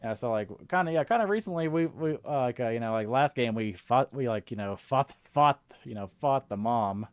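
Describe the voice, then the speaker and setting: A man's voice: mid-range voice, animated, a little fast, hardly any pauses, no echo. A man co-hosting a casual chat about games, rambling with lots of filler words and the odd swear. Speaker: podcast co-host.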